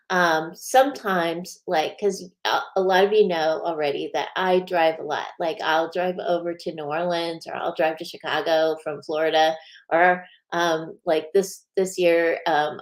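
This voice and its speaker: A woman's voice: on the low side, darkish tone. A woman hosting a spiritual show, chatting casually with many fillers and frequent laughs. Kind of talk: casual live-stream chat.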